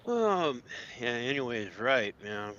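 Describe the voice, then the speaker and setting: A man's voice: mid-range voice, big pitch swings, takes it slowly, a bit bright, slight background noise. A man co-hosting a casual podcast, rambling and trailing off with lots of ums. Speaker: podcast co-host. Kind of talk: casual chat. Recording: dull lo-fi sound.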